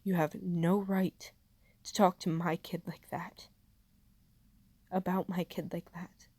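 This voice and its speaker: A woman's voice: on the low side, fairly even intonation, measured pace, mellow, no room sound. A woman voicing a grieving, fiercely protective middle-aged aunt, tearful and trembling with anger. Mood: furious.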